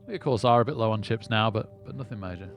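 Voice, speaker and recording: A man's voice: on the low side, fast talker, vocal fry, faint music behind. A man chatting casually to viewers on a live poker stream. He rambles and often repeats words as he starts a sentence. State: lightheaded.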